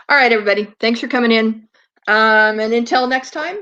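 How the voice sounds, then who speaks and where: A woman's voice: on the high side, fairly quick, bright, forceful tone, highs cut off. A woman hosting a casual live stream in a chatty, rambling way, slipping into baby talk with her dog.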